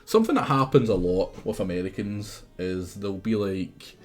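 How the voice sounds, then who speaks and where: A man's voice: fairly low pitch, lively intonation, moderate pace. A Scottish man streaming a game live, chatting and teasing his viewers in a casual, chatty way.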